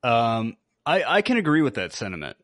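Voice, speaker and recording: A man's voice: mid-range voice, big pitch swings, normal speed, fairly bright tone, dry recording, studio quality. A man co-hosting a podcast in casual chat, laid-back and hesitant with plenty of fillers. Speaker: podcast co-host.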